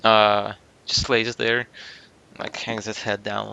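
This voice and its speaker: A man's voice: fairly low pitch, flat delivery, takes it slowly, creaky, bright, forceful tone, a little hiss or hum. A man narrating a tabletop game as game master, hesitant with many ums and restarts.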